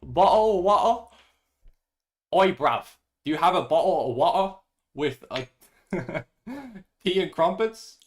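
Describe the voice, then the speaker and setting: A man voicing a clumsy mock-British young man in a weak put-on British accent, halting as he goes. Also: a little high, animated, slight background noise. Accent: put-on British accent impression, weak. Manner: halting, breaking into laughter.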